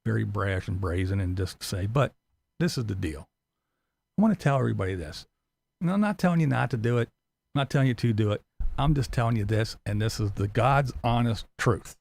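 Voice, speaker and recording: A man's voice: lowish voice, expressive, brisk, gravelly, a little mellow. A middle-aged man hosting a commentary channel, talking in a blunt, profane, mocking rant and acting out silly voices. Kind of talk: ranting commentary vlog.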